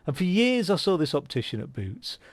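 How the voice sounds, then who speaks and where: A man's voice: fairly high pitch, big pitch swings, a little fast, dry recording. A man giving casual, rambling commentary while playing a game, with lots of fillers and restarts. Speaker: gaming channel host. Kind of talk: casual let's-play commentary.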